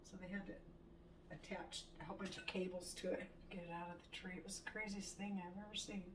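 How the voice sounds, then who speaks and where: A woman's voice: on the low side, fairly quick. Chatty middle-aged woman telling stories. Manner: chatty, swears casually, animated quoting. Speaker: home cooking vlogger. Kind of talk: casual storytelling while cooking. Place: home kitchen. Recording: distant mic, faint room noise.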